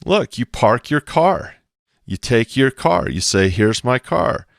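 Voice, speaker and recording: A man's voice: medium pitch, sing-song, takes it slowly, creaky, dry recording, clean studio sound. A man talking emphatically on a podcast about investing, acting out little quoted exchanges as he goes. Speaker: co-host explaining investing. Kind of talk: animated podcast talk.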